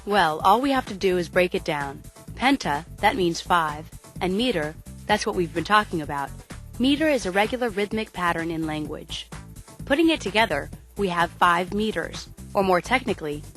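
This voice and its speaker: A woman giving a brisk, scripted educational narration. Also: on the low side, expressive, fairly bright tone, faint music behind. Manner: brisk, explanatory.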